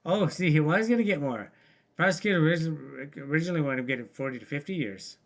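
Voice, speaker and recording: A man's voice: fairly high pitch, quick pace, vocal fry, a bit bright. A man co-hosting a casual online news chat over a remote call, loose and full of fillers. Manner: loose, filler-heavy, laughs often. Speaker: podcast co-host.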